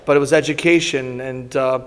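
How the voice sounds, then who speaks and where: A middle-aged man born in Italy, giving a lunchtime talk and telling animated anecdotes with laughter. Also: mid-range voice, brisk, clean tone. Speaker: guest speaker. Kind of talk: storytelling talk to an audience. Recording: long reverb in a hall.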